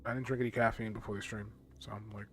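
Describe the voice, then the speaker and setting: A man's voice: on the low side, flat delivery, fast talker, a bit bright, a little hiss or hum. A tired male streamer making casual, self-mocking commentary while playing a game. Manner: self-mocking, laughing asides.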